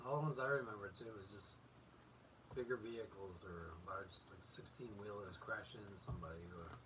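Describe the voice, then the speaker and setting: A man's voice: lowish voice, brisk, a bit bright. A man co-hosting a podcast. He chats casually and drops in short, dry remarks and jokes. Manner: brief dry interjections and jokes. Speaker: podcast co-host. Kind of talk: casual chat. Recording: distant mic, faint background noise.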